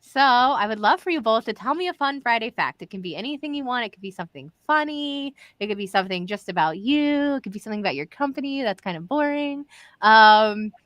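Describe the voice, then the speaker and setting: Lebhafte, helle Moderatorin. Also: female voice, a little high, fairly quick, no echo. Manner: chatty, animated, direct to viewers. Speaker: live show host. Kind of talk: casual livestream chat.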